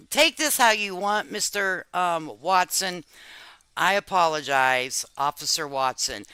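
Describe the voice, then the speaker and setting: A woman's voice: medium pitch, sharp tone, no room sound. A woman hosting a live stream, chatting casually in a brash, profane, joking way and calling people honey. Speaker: live-stream commentary host.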